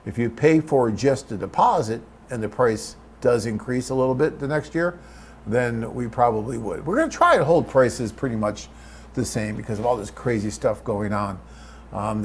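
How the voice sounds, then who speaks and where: A man's voice: mid-range voice, normal speed, creaky, slight background noise. A man hosting a live webcast, reading out viewer questions and answering them in a chatty, off-the-cuff way.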